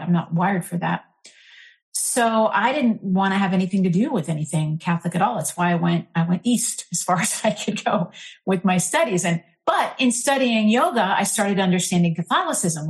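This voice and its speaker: This middle-aged interfaith minister has a lowish voice and shares a frank story from her own life. She speaks earnestly and with animation, using many fillers.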